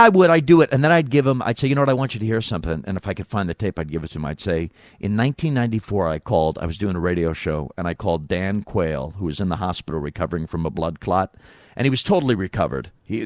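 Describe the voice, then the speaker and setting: A man's voice: sits low, fast, no echo. Dry-voiced storytelling radio man. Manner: animated anecdote teller, acts out quotes. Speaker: radio host and impressionist. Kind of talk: casual storytelling chat.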